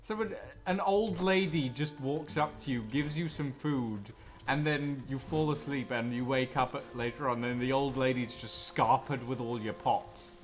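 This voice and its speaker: A man's voice: mid-range voice, a little slow. A man streaming a game, chatting casually with chuckling, self-mocking asides. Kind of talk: casual gameplay chat. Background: game music.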